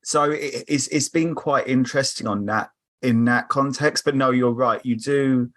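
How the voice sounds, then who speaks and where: A man's voice: medium pitch, fairly even intonation, normal speed, fairly bright tone. A young man from England with a South London Croydon accent, a podcast guest chatting casually and laughing easily. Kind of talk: casual chat over a remote call.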